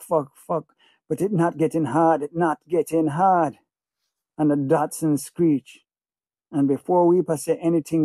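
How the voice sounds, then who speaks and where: A man's voice: on the high side, dark tone, no room sound. A man narrating an audiobook in the first person, in a feverish, obsessive way with heavy repetition.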